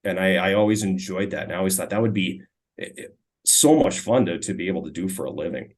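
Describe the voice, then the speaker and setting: A man in his forties from Minnesota talks through old stories in a relaxed, chatty interview. His voice sits fairly low, and he keeps stumbling over his first words and restarting. He tells it like a former player chatting over tea. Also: fast. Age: 40s. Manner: relaxed, frequent stammered restarts. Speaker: guest, former hockey player and radio color commentator. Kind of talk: casual storytelling interview.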